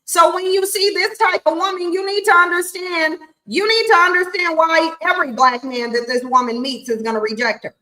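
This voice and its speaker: A woman's voice: very high voice, fairly even intonation, a little fast, few pauses, sharp tone, poor audio. A woman giving blunt, mocking livestream commentary, often breaking into laughter. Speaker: streaming commentator.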